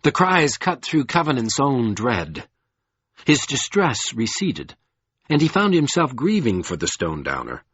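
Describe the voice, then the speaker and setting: Husky man reading an audiobook slowly. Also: medium pitch, huge pitch swings, a bit bright, dry recording, dull audio. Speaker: audiobook narrator. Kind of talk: audiobook narration.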